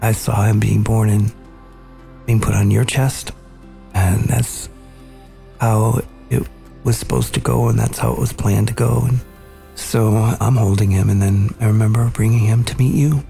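Low gravelly guy, mellow dark tone, thoughtful storytelling podcast host, faint music behind. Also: fairly even intonation. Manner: earnest, measured, recounting memories. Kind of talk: reflective storytelling conversation.

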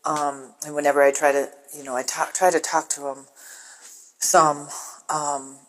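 A woman caller leaving a heartfelt prayer request about her son, speaking haltingly with many pauses and restarts. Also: sits low, level tone, husky, rough recording. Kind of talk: casual voicemail to a radio show.

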